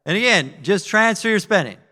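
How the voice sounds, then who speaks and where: Energetic high-voiced man training a crowd. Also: fairly quick, in a large hall. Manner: energetic, asks the audience questions. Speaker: network marketing trainer. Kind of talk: live sales training talk. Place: training event room with audience.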